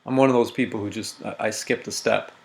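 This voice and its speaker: A man teaching a recorded grammar lesson, walking methodically through diagrams and reading example sentences slowly with emphasis. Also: lowish voice, steady tone, gravelly, slight background noise.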